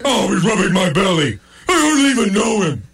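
A man's voice: high voice, big pitch swings, a little fast, gravelly, a bit bright, voice pushed up, exaggerated voice. A man voicing a jittery, whiny male dog in a cartoon, with a panicky manner. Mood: indignant. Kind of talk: cartoon voice acting.

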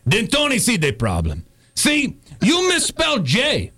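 A swaggering gangster pharmacist. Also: male voice, extremely high pitch, wildly swooping pitch, unhurried, sharp tone, heavily acted. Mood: mocking. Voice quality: thick put-on gangster accent, broken grammar. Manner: threatening, laughing at his own jokes. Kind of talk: comedy radio sketch.

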